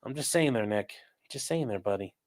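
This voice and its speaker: Animated, sarcastic man hosting a livestream. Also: medium pitch, brisk. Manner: sarcastic and blunt, swears freely; reads viewer messages aloud, with asides. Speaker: livestream host reading chat. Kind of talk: casual live commentary.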